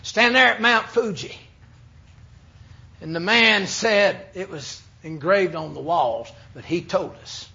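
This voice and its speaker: A man from the United States, preaching an emphatic sermon that swings between loud and hushed. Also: high voice, slow pace, vocal fry. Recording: dull lo-fi sermon recording.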